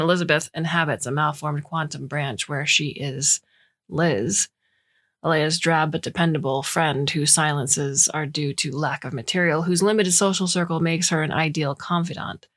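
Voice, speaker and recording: A woman narrating a science fiction story in measured, clear storytelling. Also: deep voice, a bit bright. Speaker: audiobook narrator. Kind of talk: scripted narration.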